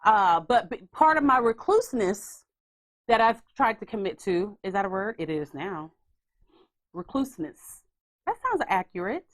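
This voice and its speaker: A woman hosting a podcast in casual chat, animated and swearing freely. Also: fairly high pitch, moderate pace. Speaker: podcast host.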